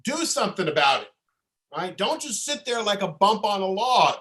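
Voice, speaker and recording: A man's voice: high-pitched, sing-song, moderate pace, background noise. Man voicing a desperate pleading young wife. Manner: pleading, insistent.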